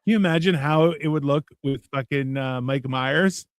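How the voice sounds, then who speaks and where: Male co-host, fairly high voice, dry close sound, wisecracking profane movie commentary. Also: normal speed, smooth, no echo. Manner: joking and profane, with mocking voices for characters. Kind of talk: casual movie watch-along chat. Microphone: live stream microphone.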